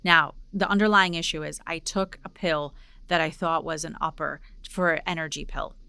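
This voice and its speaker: Bright, smooth-voiced woman telling a story. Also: deep voice, normal speed, no room sound. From Poland. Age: 40s. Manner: animated storyteller, acts out dialogue. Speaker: podcast host. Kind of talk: casual interview storytelling.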